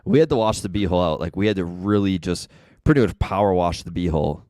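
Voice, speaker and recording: Man, co-host, deep voice, joking, casual chat, dry sound. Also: quick pace, dark tone, dry recording. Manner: joking, laughs often. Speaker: podcast co-host. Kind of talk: casual sports podcast chat.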